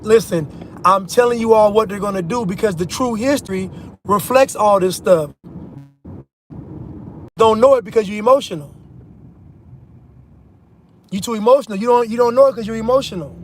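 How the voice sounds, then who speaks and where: Behind the wheel, a US vlogger with a high-pitched voice shares his opinions in an emphatic monologue, with a little hiss or hum on the audio. He repeats his points and keeps calling his viewers "y'all."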